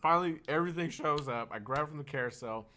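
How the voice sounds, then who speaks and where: A man's voice: fairly high pitch, fast talker, a little hiss or hum. A man in a casual podcast chat, telling a story with lots of laughing and swearing. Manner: animated, laughing, swearing a lot.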